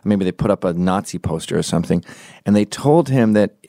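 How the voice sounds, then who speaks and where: A man's voice: deep voice, expressive, brisk, gravelly, warm tone, dry recording, clean studio sound. A man in his forties doing a profane, opinionated comedic podcast monologue, slipping into quoted voices as he tells stories. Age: 40s. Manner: acts out quoted voices mid-story.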